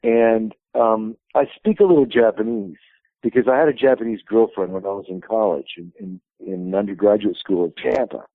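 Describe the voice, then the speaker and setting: A man's voice: on the low side, normal speed, no echo. Man telling stories over a phone line. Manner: rambling anecdotal storyteller. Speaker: wrestling promotion president, interview guest. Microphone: telephone.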